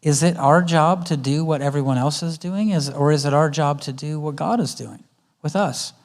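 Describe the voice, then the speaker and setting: A man's voice: on the high side, normal speed. A man giving a parenting talk at a church conference, often acting out what a parent and child say to each other in different voices. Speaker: guest speaker. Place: church auditorium.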